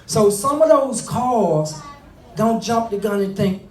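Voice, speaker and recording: A man's voice: high-pitched, lively intonation, a little slow, a little mellow. A middle-aged man talks earnestly to an audience about fatherhood. He is conversational, restarting and repeating his phrases. The room is echoey and he is set back from the microphone. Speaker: speaker on fatherhood. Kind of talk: motivational talk to an audience. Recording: echoey room, mic at a distance.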